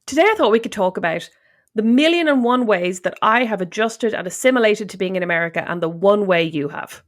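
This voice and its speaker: A woman's voice: medium pitch, animated. A middle-aged Irish woman co-hosting a podcast, bantering dryly with her sister. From Ireland. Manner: dry, quick-witted banter. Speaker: podcast co-host. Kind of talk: casual chat.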